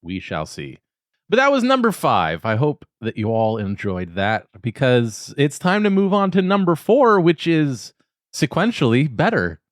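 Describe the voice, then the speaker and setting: A man's voice: mid-range voice, huge pitch swings, measured pace, no room sound, clean studio sound. A man hosting a podcast, chatting casually in a rambling, self-conscious way with some stammering. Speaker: podcast host and editor. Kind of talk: casual chat.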